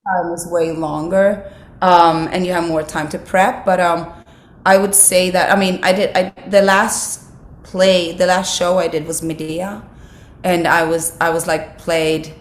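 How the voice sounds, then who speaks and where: A woman with a raspy, husky, slightly broken voice, speaking English as a second language in a casual interview, reflective and full of "like" fillers. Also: fairly low pitch, flat delivery, measured pace. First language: not English. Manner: reflective, many "like" fillers, restarts. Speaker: actress, interview guest. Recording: roomy sound with faint background ambience.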